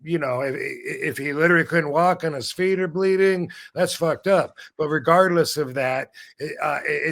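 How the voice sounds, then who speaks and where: A man's voice: fairly high pitch, fairly bright tone. Rambling, profane man hosting a podcast. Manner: rambling, profane, self-interrupting. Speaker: podcast host. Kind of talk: casual podcast chat.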